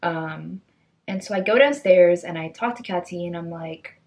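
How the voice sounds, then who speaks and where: Young woman, vlogger, chatty, animated storytelling, slightly low voice. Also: normal speed. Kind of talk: casual storytelling.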